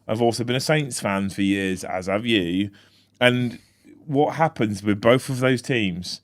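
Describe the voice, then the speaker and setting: A man's voice: fairly low pitch, unhurried. A man co-hosting a casual football podcast, teasing and giggling at his friend. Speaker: podcast co-host.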